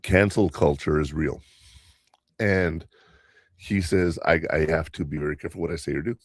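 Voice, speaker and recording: An older podcast host with a rumbling low voice talks at a moderate pace in casual chat. He rambles through his stories, acting out what others said in their voices. The recording is studio quality with no echo.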